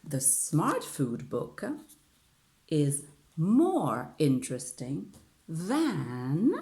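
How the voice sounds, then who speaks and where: A woman's voice: low-pitched, darkish tone, a little hiss or hum. A woman with an Italian accent, a native Italian speaker teaching an online English grammar lesson and drilling phrases with frequent "okay?" checks. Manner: drills aloud with lots of repetition and "okay?".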